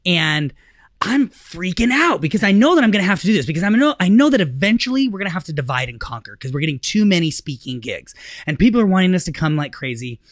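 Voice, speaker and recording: A man's voice: high-pitched, fast talker, no room sound. Man, podcast co-host, casual storytelling, laughs a lot, dry close recording. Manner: animated, self-mocking, laughs often.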